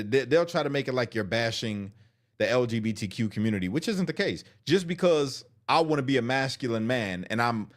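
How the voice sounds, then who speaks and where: A man hosting a show, reacting to a clip in blunt, slangy casual commentary. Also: medium pitch.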